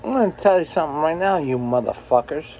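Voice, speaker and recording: A man's voice: on the high side, animated, fast talker, a little mellow, a little hiss or hum, low-quality recording. A man in his forties, a truck driver, ranting in a profane, angry, rambling way while filming himself on a phone in his truck cab. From United States. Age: 40s. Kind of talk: ranting self-filmed vlog.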